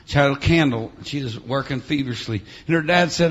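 A middle-aged man preaching a revival sermon in a church over a PA. He punctuates his lines with "uh, amen" and "huh?" and swings between shouted preaching and quiet storytelling. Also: mid-range voice, a little fast, slightly rough, dull audio. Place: church sanctuary with PA.

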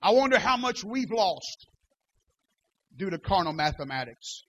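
High-voiced man preaching a fiery sermon. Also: very animated, a little slow, a little hiss or hum. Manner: preaching with big swings from shouting to near-whispered asides; reads scripture aloud in formal old-style wording. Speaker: pastor.

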